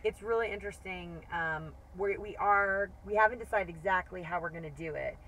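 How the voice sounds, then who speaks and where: A woman's voice: lowish voice, fairly quick, fairly bright tone, slight background noise. A woman co-hosting a livestream in casual, chatty talk that is full of "like". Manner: chatty, heavy use of "like". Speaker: livestream co-host. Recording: voice a bit far from the mic.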